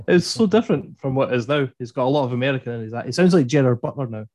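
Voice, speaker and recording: A man's voice: medium pitch, expressive, fast, darkish tone, dry recording. A man with an East Coast Scottish accent, a guest comedian chatting casually on a podcast and joking at his own expense. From Scotland, East Coast.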